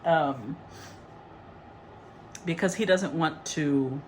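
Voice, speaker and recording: A woman giving a casual, rambling tarot reading, chatty and quick to laugh. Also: low voice, a little hiss or hum. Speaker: tarot reader.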